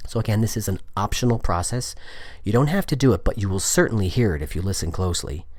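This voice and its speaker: A man's voice: lowish voice, animated, fast, a little mellow, no echo. A man giving a podcast lesson on Spanish pronunciation, explaining step by step and repeating example words. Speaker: Spanish teacher.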